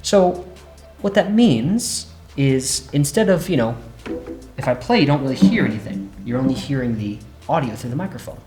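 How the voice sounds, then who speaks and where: A man hosting a relaxed synth demo lesson, often checking in with "right?" as he explains. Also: mid-range voice, normal speed, faint music behind. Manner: relaxed, says "right?" a lot. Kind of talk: casual instructional demo. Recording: roomy echo.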